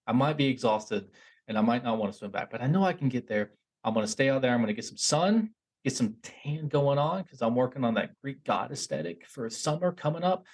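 A young man with a slightly husky, mid-pitched voice tells a story on his podcast. He rambles and restarts a lot, gets animated, and pokes fun at himself. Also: brisk. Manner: animated, rambling, self-mocking, with frequent restarts. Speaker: podcast host. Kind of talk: casual storytelling monologue.

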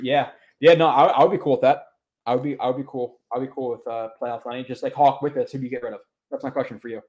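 Medium-pitched and a little mellow, the voice belongs to a young sports podcast host. He rambles casually, cursing frequently, and his speech is full of restarts while he reacts to what people post in the chat.

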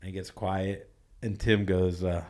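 A man's voice: deep voice, flat delivery, a little slow, dark tone. A man co-hosting a podcast, telling a rambling story full of fillers and laughs. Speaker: podcast co-host. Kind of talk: casual storytelling chat.

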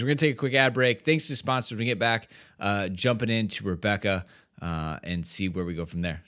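Rambling, low-voiced podcast co-host man. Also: a bit bright. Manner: rambling, filler-heavy, trails off. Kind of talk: casual podcast recap.

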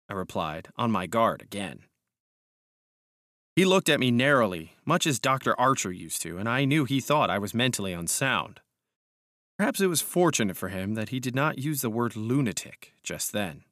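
A man narrating a gothic story aloud as guest reader, measured, sinking soft and low on the speech tags. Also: lively intonation, no echo, clean studio sound. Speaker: audiobook reader, guest host.

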